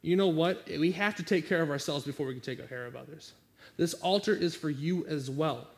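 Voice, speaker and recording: Earnest man preaching an altar call. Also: on the high side. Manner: earnest, pleading, repetitive. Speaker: pastor.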